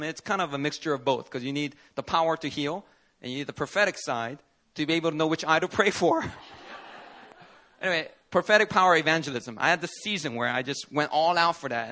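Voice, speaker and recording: At a church service, a pastor delivers his sermon through lively stories, acting out each person he quotes. His voice sits a little high.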